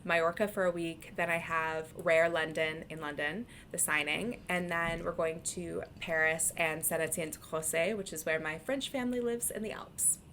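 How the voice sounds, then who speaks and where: A woman's voice: low voice, steady tone, moderate pace, few pauses, fairly bright tone, slight background noise. A woman co-hosting a casual podcast, gushing and chatty with lots of fillers. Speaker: podcast co-host, author.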